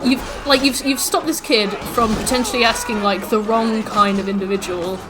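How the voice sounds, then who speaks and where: A woman streamer chatting casually in a live stream, telling stories in an animated, rambling, profane way. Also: a little high, normal speed, over music.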